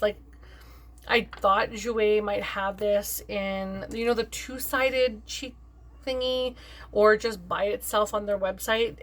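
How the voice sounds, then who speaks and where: A young adult woman chats through her makeup collection in a relaxed vlog, her voice sitting at an ordinary middle pitch. She sounds upbeat and talkative, dropping plenty of "like" and "um" as she goes. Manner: chatty and upbeat, with frequent "like" and "um". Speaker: beauty vlogger. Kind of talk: casual makeup review chat.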